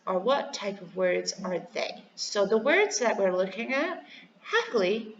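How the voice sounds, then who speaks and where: A woman teacher slowly giving a review lesson to young pupils, spelling each word letter by letter and asking them to repeat. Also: mid-range voice, big pitch swings, dull audio, slight background noise. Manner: slow, clearly spelled out, letter by letter; encouraging, asks to repeat words. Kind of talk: recorded classroom review lesson. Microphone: computer microphone over slides.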